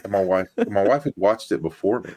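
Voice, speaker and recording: A man co-hosting a casual review chat, telling stories excitably. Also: on the low side, brisk. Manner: excitable storytelling. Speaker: podcast co-host.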